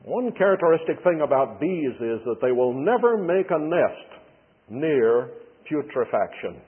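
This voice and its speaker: Husky preacher on a tinny broadcast. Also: male voice, fairly high pitch, sing-song, measured pace. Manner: folksy storytelling with touches of humor. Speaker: pastor. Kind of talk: sermon. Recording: tinny broadcast with long hall reverb.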